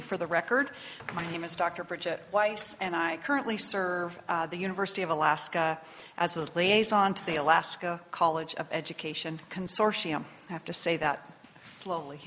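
A woman in her sixties giving measured, earnest testimony to a legislative committee from prepared remarks. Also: on the low side, a bit bright, a little hiss or hum. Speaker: invited testifier. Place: committee hearing room.

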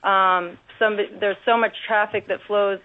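A woman giving earnest, careful public testimony at a legislative hearing, pausing often with ums. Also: mid-range voice, fairly even intonation. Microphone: telephone. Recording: tinny phone line.

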